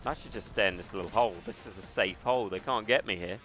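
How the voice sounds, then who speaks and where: A man's voice: lowish voice, quick pace, a bit bright, slight background noise. A man streaming a shooter game live, talking himself through each fight and mocking his own failures with plenty of swearing. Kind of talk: live gameplay commentary.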